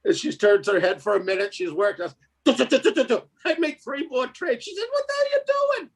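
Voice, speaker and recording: A man's voice: high voice, big pitch swings, a little fast, creaky, breathy edge. A man telling a story in casual chat, laughing often and acting out the other voices in it. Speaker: co-host.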